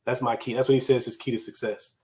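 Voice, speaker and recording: A man's voice: mid-range voice, little pitch movement, fast talker, darkish tone. A man hosting a solo motivational talk on time management, conversational and emphatic, repeating key phrases for effect. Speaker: podcast host teaching time management.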